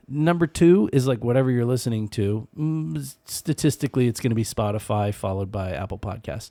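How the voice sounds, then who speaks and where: A man with a warm, dark voice hosts a podcast, recorded dry and close. He laughs easily and keeps the chat moving with follow-up questions. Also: mid-range voice, expressive, brisk, hardly any pauses, dry recording. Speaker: podcast host. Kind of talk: casual comedic chat.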